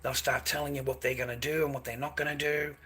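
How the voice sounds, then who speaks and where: A man's voice: medium pitch, little pitch movement, fast talker, sharp tone, slightly rough. An Australian man on a livestream, delivering a crude, rambling rant full of swearing and repeated phrases.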